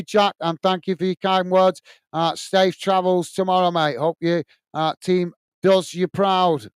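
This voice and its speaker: A man's voice: high voice, clear, resonant tone, dry recording, clean studio sound. An English man hosting a live football watch-along, casually reading out viewer comments and giving friendly, repetitive sign-offs with lots of fillers.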